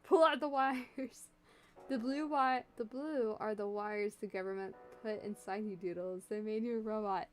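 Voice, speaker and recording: A woman's voice: mid-range voice, normal speed. A woman art streamer chatting casually and jokingly with her viewers as she draws, rambling and answering the chat. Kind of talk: casual livestream chat while drawing. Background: faint background music.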